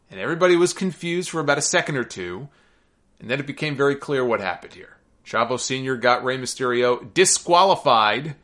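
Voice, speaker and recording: A man's voice: medium pitch, fairly bright tone. A man hosting a wrestling podcast, recapping matches and reading listener mail in a chatty way with fillers and asides. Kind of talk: casual recap and mailbag.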